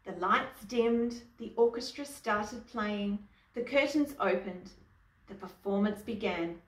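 Slow woman reading a picture book. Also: mid-range voice. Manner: asks the young listener questions. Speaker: storyteller. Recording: echoey room, distant mic.

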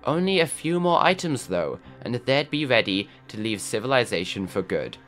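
A man narrates a survival-game story in a wry, scripted style, his pitch rising and falling a lot. Faint music runs behind him. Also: lively intonation, moderate pace, a bit bright.

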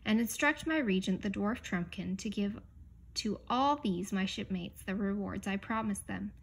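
A woman's voice: mid-range voice, moderate pace, gravelly, a little hiss or hum, lightly acted. Woman reading as a proud, commanding young king. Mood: regal. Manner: commanding, sharp. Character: young male king, proud and hot-tempered.

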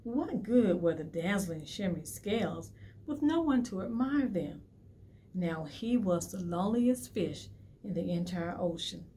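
At a library storytime, a woman with a fairly low voice reads a picture book to preschoolers at a measured pace, animated and quizzing the kids. There's a little hiss or hum.

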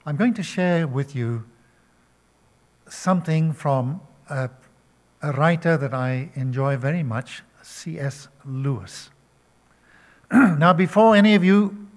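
An older man preaching a sermon, slow and emphatic, asking his listeners questions. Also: a little high. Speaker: pastor.

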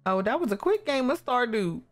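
A woman with a slightly high voice talks fairly quickly while casually commenting on her life-simulation game as a gaming YouTuber. She's animated, speaking to the characters and exclaiming at what they do.

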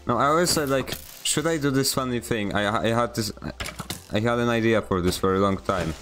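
A man's voice: medium pitch, fairly quick, fairly bright tone, soft background music. Rambling Polish-accented male streamer. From Poland. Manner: rambling, self-deprecating, chatting with viewers. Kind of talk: casual gameplay stream commentary.

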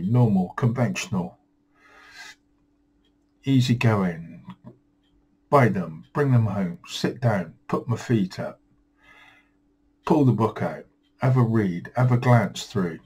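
Tired, grumbling man, dark husky voice. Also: fairly low pitch, rough recording. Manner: weary, self-deprecating, grumbling. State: tired, yawning. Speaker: vlogger. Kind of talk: rambling solo vlog.

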